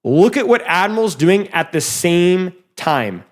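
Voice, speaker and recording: A man coaching viewers through a match review in casual commentary, talking straight to them and getting excitable when plays swing. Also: high-pitched, a little slow.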